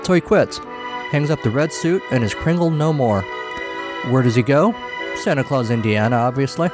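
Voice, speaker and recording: A man narrating a scripted story as a podcast host, in a wry, measured manner. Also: medium pitch, lively intonation, music in the background.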